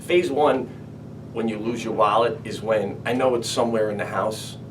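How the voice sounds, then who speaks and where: A man hosting a comedy show, telling stories with animated, acted-out quotes. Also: fairly low pitch, normal speed, background noise. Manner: animated storytelling, acts out quoted voices. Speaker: comedian host. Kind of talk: comedic monologue. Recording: slightly distant mic, faint ambience.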